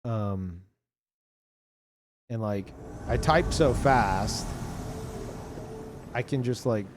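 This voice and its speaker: Chatting casually with his live-stream viewers, a man describes his own voice as monotone. His pitch is fairly low and he draws out his words, rambling with lots of fillers, restarts and frequent swearing. Background noise can be heard.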